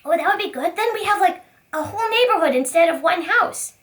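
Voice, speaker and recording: A woman voicing a shy young male puppet student, soft and a little hesitant. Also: very high-pitched, lively intonation, brisk, pitched above the performer's own voice. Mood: pleased.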